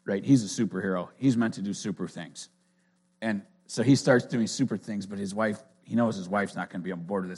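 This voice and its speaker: A man's voice: lowish voice, darkish tone. A man giving an informal sermon in an earnest, conversational way, often restarting his sentences. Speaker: preacher.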